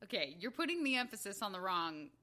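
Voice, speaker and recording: A woman's voice: mid-range voice, very animated, fast talker, bright, forceful tone. A young woman co-hosting a podcast, chatting casually and teasing her co-host with a playful laugh. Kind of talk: casual chat.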